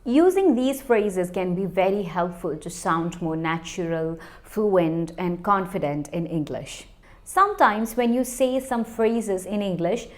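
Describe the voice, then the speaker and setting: A woman teaching English, speaking directly and encouragingly to learners in a casual way. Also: mid-range voice.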